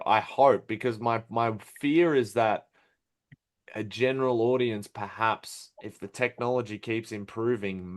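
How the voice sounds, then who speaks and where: A young Australian man with a fairly low voice chats as a guest on a podcast. He rambles in a friendly, easygoing way, often laughing and searching for words. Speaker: guest, film critic. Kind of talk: casual podcast interview.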